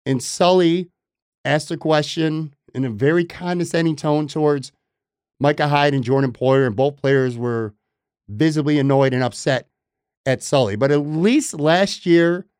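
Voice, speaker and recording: Emphatic sports podcaster. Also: male voice, on the high side, unhurried, a little mellow, smooth, dry recording, clean studio sound. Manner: emphatic, opinionated, repeats points for stress. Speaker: podcast host. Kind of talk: sports opinion podcast monologue.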